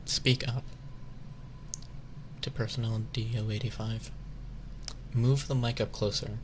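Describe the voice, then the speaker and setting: A man's voice: on the low side, level tone, a little slow, lightly acted. A man playing a stern male interrogator who gives curt commands. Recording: background noise hiss.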